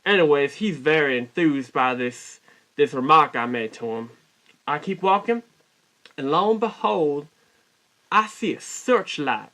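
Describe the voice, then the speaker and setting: A man telling a rambling, mock-folksy comic story in a put-on Southern US drawl, deadpan and constantly correcting himself. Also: fairly high pitch, a little slow. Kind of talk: deadpan comic character monologue.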